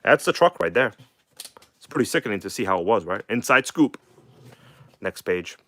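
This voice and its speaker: A man with a slight accent hosting a casual live stream, chatting loosely, swearing now and then and reading magazine text aloud in a halting way. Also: sits low, big pitch swings, a bit bright. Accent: non-native English accent. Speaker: host of a live RC car stream. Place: home workshop in Queens.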